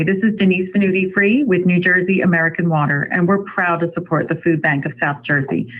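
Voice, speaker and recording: A woman representing a sponsor, reading a polite, measured donation appeal. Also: fairly low pitch, phone-quality sound. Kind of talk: scripted sponsor message.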